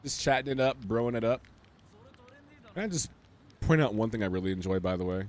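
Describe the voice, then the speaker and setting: A man streaming a video game, giving casual commentary with wry, sarcastic asides and sudden excited outbursts. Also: on the low side, brisk.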